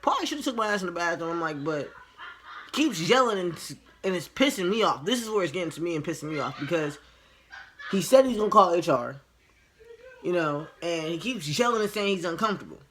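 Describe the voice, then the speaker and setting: A man's voice: high-pitched, animated, a little fast, a bit bright, slight background noise. A man casually telling a work story to camera, frank and profane, acting out each side of the conversation. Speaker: line cook.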